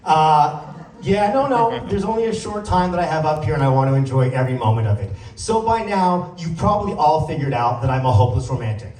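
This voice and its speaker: A man doing a stand-up comedy set on stage, playful and animated as he works the crowd. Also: on the high side, fairly quick, a little hiss or hum. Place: comedy stage before a live audience. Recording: roomy sound from a distant mic.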